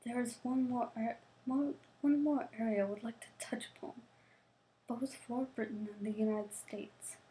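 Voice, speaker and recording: A woman's voice: on the high side, steady tone, moderate pace, dark tone, low-quality recording. A young woman, a student, reading a novel aloud, often tripping and restarting words and adding casual asides. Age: young adult.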